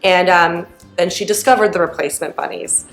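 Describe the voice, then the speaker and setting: A woman's voice: fairly low pitch, fairly quick, faint music behind. Chatty mother in a roomy echo. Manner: chatty, meandering, with many fillers. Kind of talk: casual storytelling.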